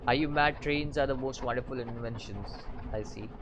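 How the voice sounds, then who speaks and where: A man playing a story game, mixing casual commentary with halting read-aloud of the game's text, often stumbling and restarting. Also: mid-range voice, highs cut off, background noise. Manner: halting reading with frequent fillers and restarts. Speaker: gaming channel host.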